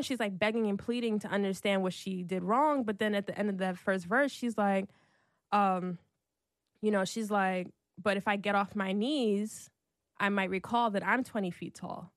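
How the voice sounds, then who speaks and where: A woman's voice: mid-range voice, dry recording, studio quality. A woman in her thirties in a casual, heartfelt conversation, chatty, leaning on "like" a lot and laughing often. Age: 30s.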